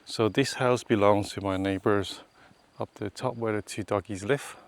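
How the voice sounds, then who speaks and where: A man's voice: fairly low pitch, fairly even intonation, moderate pace. A man vlogging outdoors on a rural hillside road, chatting casually and pointing things out to his viewers as he walks. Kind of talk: casual walking tour narration.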